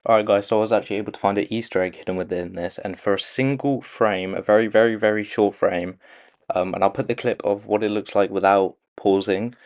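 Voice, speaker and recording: A man casually breaking down a movie trailer for his channel, pausing often with "um"s and restarting his sentences. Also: lowish voice, fairly even intonation, darkish tone. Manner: hesitant, many "um"s and restarts. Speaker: video creator analysing a movie trailer. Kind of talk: casual commentary.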